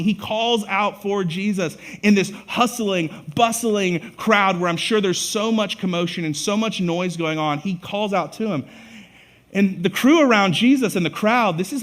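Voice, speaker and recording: Animated preaching man, slightly high voice. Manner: animated storytelling, acts out voices with bursts of loud emphasis. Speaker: pastor. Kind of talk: sermon. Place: church sanctuary.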